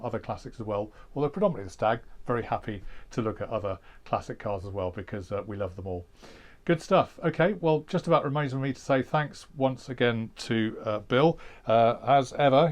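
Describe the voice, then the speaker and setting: A cheerful man signs off his classic car channel with upbeat thanks. His voice sits at an ordinary middle pitch, and his delivery is friendly and easygoing. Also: darkish tone. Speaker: channel host. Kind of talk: enthusiastic channel outro.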